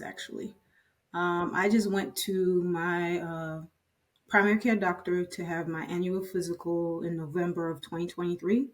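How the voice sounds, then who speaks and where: A woman in her fifties, a nurse, telling her own story in a casual, chatty way and relaying conversations. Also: lowish voice. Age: 50s. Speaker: oncology nurse sharing her patient story.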